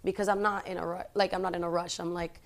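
A woman's voice: fairly low pitch, flat delivery, fast talker. A woman in her twenties, a guest and actress, chatting casually in an interview, rambling and filling her talk with "like" and "you know". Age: 20s.

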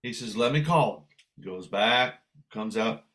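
A man's voice: fairly low pitch, unhurried. An older man from San Francisco, a guest musician, telling a long anecdote in conversation and acting out the voices in it. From San Francisco, USA. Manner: animated anecdote telling with acted dialogue. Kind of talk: storytelling in conversation.

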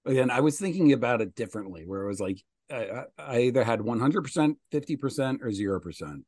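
A man's voice: medium pitch, animated, quick pace, a little mellow. A man co-hosting a podcast in casual chat, easygoing and teasing. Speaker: podcast co-host.

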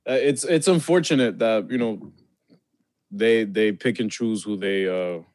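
A man's voice: on the low side, a little slow, a little mellow, dry recording. A man co-hosting a podcast in casual chat, mostly giving short, laid-back reactions. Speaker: podcast co-host.

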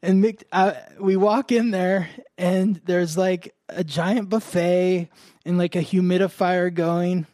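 A man's voice: high-pitched, steady tone, slow, dark tone, dry recording. A man hosting an astrology podcast, telling a story in a casual, rambling way full of fillers. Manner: rambling, many "like" fillers, laughs often.

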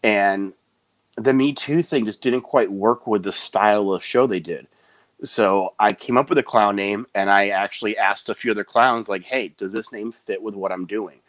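A man in casual interview chat, an animated storyteller who slips into quick high voices when he quotes people. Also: dry recording. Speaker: guest, clown performer.

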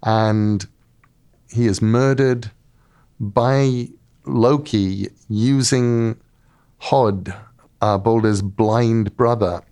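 Animated storytelling middle-aged man. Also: fairly low pitch, extremely slow, pauses often, clean tone. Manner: lively storyteller, acts out quotes. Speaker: author guest. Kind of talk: casual interview talk.

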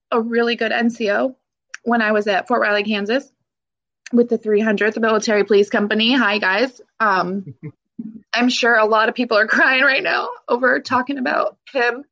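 A woman who served in the military, talking haltingly and emotionally in an interview, with many fillers and nervous laughs. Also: a little high, steady tone, gravelly, a bit bright, lo-fi sound. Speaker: military veteran guest.

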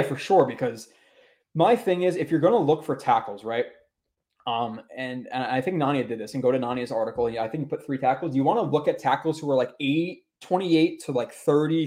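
A man's voice: mid-range voice, a little mellow. A young man hosting a casual sports podcast, chatting loosely and swearing often, with many restarts as he reacts to chat comments. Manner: loose, profane, rambling with restarts. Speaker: podcast host.

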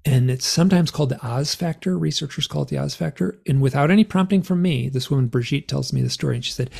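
Man, middle-aged, husky voice, rambling animated storytelling, interview guest. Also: on the high side, fast talker, few pauses. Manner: rambling, animated, lots of fillers. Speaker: guest author and experiencer.

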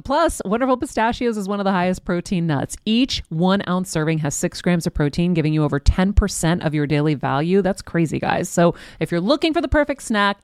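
A woman's voice: on the low side, a little mellow, clean tone, dry recording, clean studio sound. A woman hosting a podcast, reading an ad in an upbeat, enthusiastic way. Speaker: podcast host reading ads. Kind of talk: host-read advertisement.

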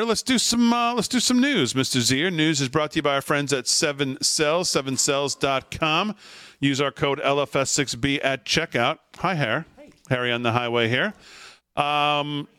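A man's voice: fairly high pitch, lively intonation, pushed and bright, clean tone, no room sound, studio quality. A man hosting a political talk show, reading news and bantering with jokes. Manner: brisk, jokey banter. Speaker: host.

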